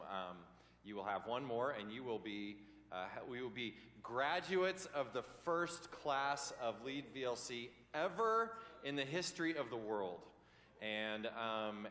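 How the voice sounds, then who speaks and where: A man's voice: on the low side, a bit bright. A man leading a church leadership class in a loose, rambling teaching style, full of ums and self-corrections. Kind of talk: casual teaching talk. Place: church meeting room. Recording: roomy hall with long reverb.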